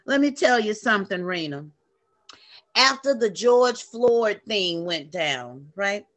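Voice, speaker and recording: A middle-aged woman telling a story in an animated, preaching way to a group on a video call. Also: medium pitch, takes it slowly. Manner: animated, preachy, uses y'all.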